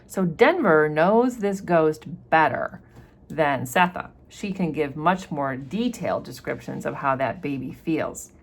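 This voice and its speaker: Woman with a lowish voice explaining a novel. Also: lively intonation, unhurried, creaky. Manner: casual, explanatory. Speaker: literature teacher. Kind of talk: chapter-by-chapter book commentary.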